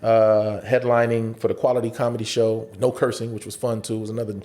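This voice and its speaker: A man, an actor and stand-up comedian, chatting as a guest on a casual podcast interview, telling animated stories and acting out the voices of people he quotes, with plenty of profanity. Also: on the low side, quick pace. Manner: animated storyteller who acts out quoted voices, heavy profanity.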